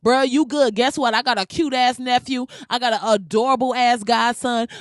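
An American vlogger unleashes a heated, sarcastic commentary rant at her viewers, packed with profanity. Her voice is fairly high with a steady tone and moderate pace. The studio recording is clean, with no echo.

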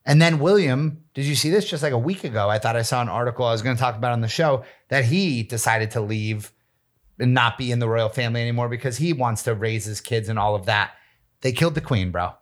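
A man's voice: medium pitch, fast talker. Joking man, casual co-host. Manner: loose, joking, swears freely. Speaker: podcast co-host. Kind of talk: casual chat.

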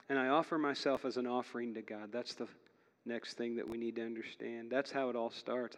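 Earnest pastor preaching in a reverberant hall. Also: male voice, mid-range voice. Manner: earnest, chatty, laughs between points. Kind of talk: sermon. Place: church sanctuary. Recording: long reverb of a large hall.

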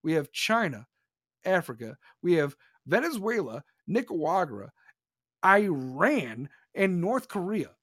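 Profane, heated podcast rant. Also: male voice, high voice, big pitch swings, a little slow, a bit bright, dry recording, clean studio sound. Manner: profane, emphatic, repeats himself. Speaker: podcast host.

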